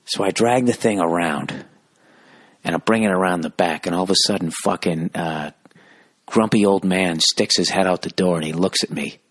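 Low voiced guy ranting solo on a podcast, swears constantly, rambly storytelling, pops into silly high voices. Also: normal speed, husky. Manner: acts out quoted voices in loud high bursts. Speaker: podcast host. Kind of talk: solo comedic rant.

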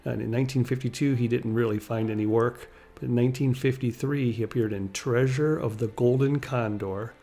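A man's voice: medium pitch, fairly even intonation, brisk, hardly any pauses, mellow. A man narrating a life story in a casual, conversational way, retelling anecdotes with small laughs. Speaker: channel host and narrator.

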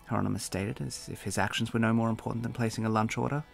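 A man's voice: on the low side, fairly even intonation, fast talker, gravelly, soft background music. A man, the author, narrating a fantasy novel in a dry, wry storytelling manner. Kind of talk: audiobook narration.

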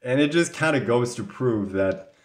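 A man's voice: mid-range voice, lively intonation, moderate pace. A man from Canada telling a story to the camera in a casual, rambling way, sometimes indignant, with an occasional cough. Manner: chatty, rambling, mildly indignant. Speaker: vlogger. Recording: echoey room sound.

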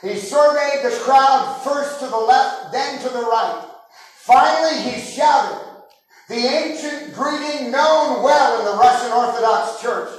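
High-voiced preaching man in an echoing hall. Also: measured pace. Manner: impassioned preaching, rising to shouts. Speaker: pastor. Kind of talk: sermon. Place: large church sanctuary. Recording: very echoey hall, mic far off.

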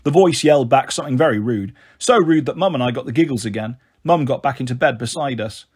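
A man reading a children's novel aloud in a steady, expressive way. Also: mid-range voice, quick pace, hardly any pauses, breathy edge. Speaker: storyteller. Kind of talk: audiobook reading.

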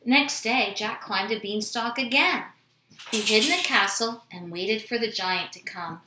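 A woman reading a children's storybook aloud at home, expressive and animated. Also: on the high side, measured pace, echoey room, a little hiss or hum. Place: home room with dogs.

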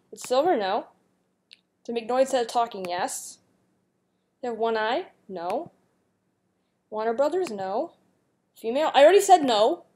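A young woman YouTuber with a voice on the high side and a darkish tone gives casual commentary on a guessing game. She giggles and chats as she reads the questions and answers them.

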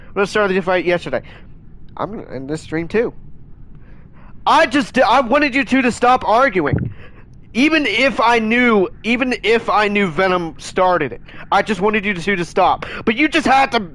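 A man streaming a game live, chatting in a rambling, excitable way and scolding his chat, with many restarts. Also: high-pitched, normal speed.

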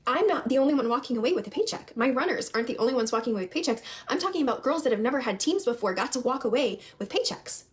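A young woman recruiter giving an emphatic, repetitive sales pitch to her team, often calling them "you guys". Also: expressive, racing, few pauses. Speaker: network marketing recruiter.

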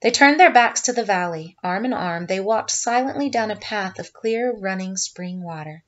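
Female teacher narrator, mid-pitched, slightly muffled recording. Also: moderate pace. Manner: steady storyteller narration. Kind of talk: story reading.

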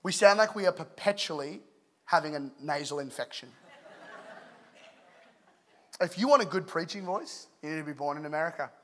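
Speaking fast in a somewhat high voice, the thirty-something pastor from England tells humorous tales and cracks jokes throughout his sermon with real animation.

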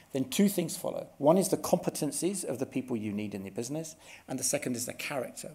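Middle-aged male workshop speaker, mellow and warm tone, earnest and explanatory, restarts mid-sentence. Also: mid-range voice, slight background noise. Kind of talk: conference presentation. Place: conference workshop room.

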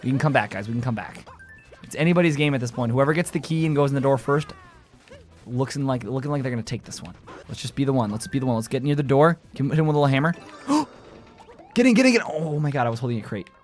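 A man giving live gameplay commentary, joking with his chat and yelling and squealing when things go wrong. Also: mid-range voice, racing, faint music behind. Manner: excitable, yells and squeals at game moments. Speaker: gaming streamer.

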